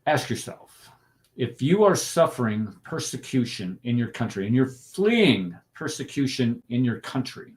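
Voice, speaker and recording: A man talking with emphatic conviction, his voice sitting in an ordinary middle pitch. He piles up rhetorical questions and drags out key words for stress, like a speaker pressing a point in a discussion group. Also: sing-song, measured pace. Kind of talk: impassioned discussion talk.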